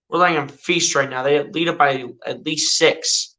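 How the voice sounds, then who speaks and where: Man, fan play-by-play streamer, chatty, excitable, fairly high voice, bright and forceful. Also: normal speed, few pauses. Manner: chatty and excitable, often says "dude". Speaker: streamer doing live play-by-play. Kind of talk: casual fan play-by-play commentary.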